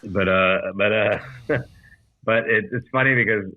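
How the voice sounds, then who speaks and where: A comedian co-hosting a podcast over a video call from home, rambling with stammered restarts and easy laughs. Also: male voice, lowish voice, a little slow, dry recording. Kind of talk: casual comedic chat. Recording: tinny video call line, dry.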